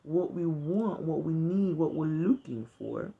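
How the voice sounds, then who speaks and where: Gravelly, earnest woman vlogging. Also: low voice, animated, unhurried, narrow, tinny audio. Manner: earnest, conversational, emphatic. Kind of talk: casual heartfelt monologue to camera.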